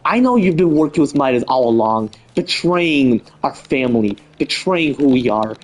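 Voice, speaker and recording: A man's voice: mid-range voice, sing-song, normal speed. A man playing a stern secret-agent husband confronting his wife in a cold, accusing tone. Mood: stern accusation.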